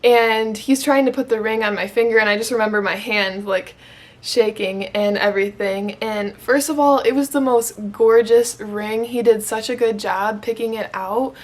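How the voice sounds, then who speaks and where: A woman's voice: on the high side, steady tone, moderate pace. A young woman from Michigan telling her proposal story to the camera, gushing and emotional, with lots of "like.". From Michigan, USA. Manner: gushing, emotional, heavy use of "like". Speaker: vlogger.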